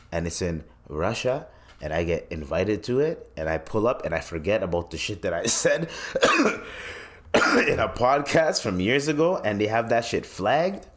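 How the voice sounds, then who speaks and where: A man's voice: on the low side, animated, moderate pace. A man hosting his own podcast, ranting loosely and swearing freely, with lots of restarts. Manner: loose and rambling, with many restarts. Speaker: podcast host. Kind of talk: solo podcast rant.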